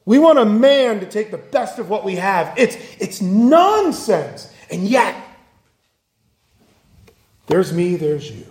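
A man preaching in a high voice, earnest and emphatic, leaning on repetition and rhetorical questions. His sermon rings through an echoey church hall. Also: big pitch swings, slow, pauses often, darkish tone.

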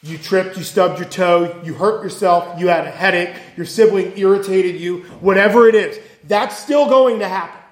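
A man's voice: high voice, moderate pace, few pauses, reverberant. A man preaching a sermon, earnest, driving his points home with repetition and rhetorical questions.

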